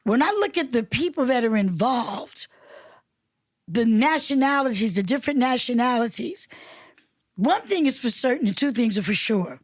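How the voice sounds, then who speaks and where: A woman's voice: on the high side, lively intonation, normal speed, no echo, clean studio sound. A woman from Newark, New Jersey, a councilwoman and reverend, talking emphatically in an interview and repeating phrases the way a preacher does. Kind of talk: conversational interview.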